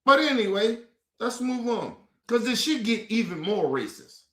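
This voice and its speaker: A man's voice: high voice, sing-song, moderate pace. A man streaming commentary, blunt and indignant, with heavy swearing. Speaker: streamer reacting to clips. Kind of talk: casual profane commentary. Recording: roomy echo.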